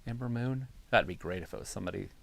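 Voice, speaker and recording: A man's voice: lowish voice, quick pace, vocal fry, very noisy. A man co-hosting a live stream, giving crude, wisecracking commentary while watching a show. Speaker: co-host of a wrestling live stream.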